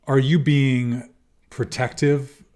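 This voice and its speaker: A man's voice: medium pitch, flat delivery, slow, dark tone. A man with an American accent hosting a podcast in casual chat, thinking aloud and chuckling. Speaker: podcast host. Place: podcast recording in Seoul.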